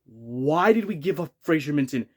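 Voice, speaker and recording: A man with a somewhat high voice rants like a heartbroken hockey fan. He circles back over the same complaints, swears freely and keeps flaring up into louder outbursts. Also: lively intonation, normal speed. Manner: exasperated, repeats himself, swears, rising outbursts. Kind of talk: ranting fan vlog.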